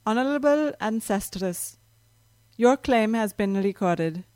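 A woman's voice: medium pitch, expressive, takes it slowly, clear, resonant tone, dry recording. A woman voicing a strange temple clerk whose sex is unclear, with a reedy, hollow, accented voice and formal, polite speech. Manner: formal, polite, loud and distant.

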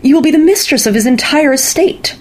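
A woman voicing a stern, insistent mother who scolds her daughter, in a husky voice. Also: high-pitched, a little fast, darkish tone, pitched above the performer's own voice, close to an everyday voice. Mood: scolding. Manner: scolding, commanding.

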